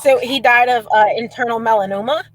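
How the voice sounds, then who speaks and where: A young woman, a client on a call, talking softly and laughing often. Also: on the high side, a little fast, low-quality recording. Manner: soft, giggly.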